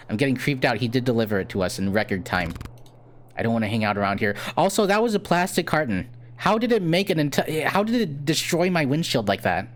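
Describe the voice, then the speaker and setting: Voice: medium pitch, sing-song, a little fast. A streamer casually chatting to their chat while playing a horror game, with frequent giggles. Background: game music.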